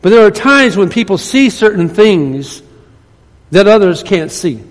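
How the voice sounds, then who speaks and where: A man's voice: high-pitched, lively intonation, measured pace. A male pastor giving a conversational sermon in a church that builds to emphatic points. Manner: conversational preaching, rising to emphatic. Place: church sanctuary. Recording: long reverb of a church hall.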